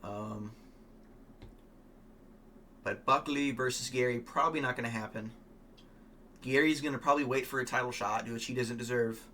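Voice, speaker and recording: Male vlogger, casual fight talk, opinionated and profane, tense bright tone. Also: mid-range voice, fairly even intonation, normal speed, pauses often, slight background noise. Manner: rambling, opinionated, swears, frequent ums. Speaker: MMA fan vlogger.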